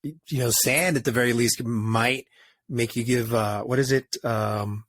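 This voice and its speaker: A man in casual podcast chat, halting as he searches for words. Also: mid-range voice, fairly even intonation, fairly bright tone. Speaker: podcast co-host.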